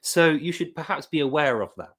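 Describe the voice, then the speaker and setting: A man's voice: a little high, expressive, brisk, fairly bright tone. A man putting on a pompous fake French official. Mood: chirpy. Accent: mock French. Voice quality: overly polite, mock-formal.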